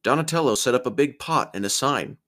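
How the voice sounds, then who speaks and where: A man reads a children's picture book aloud, putting on the characters by raising his voice for their lines. His pitch swings widely, and he sits a little back from the mic. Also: a little fast. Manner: lively storybook reading, pitches up for character lines. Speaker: podcast co-host. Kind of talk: dramatic reading of a children's book.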